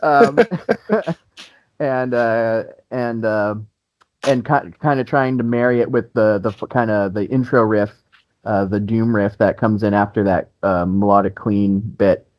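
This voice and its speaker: A man's voice: lowish voice, steady tone, a little slow, a little mellow, no echo. A man being interviewed as a band guitarist, talking in a loose, rambling way with lots of restarts, fillers and frequent laughs. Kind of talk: casual interview chat.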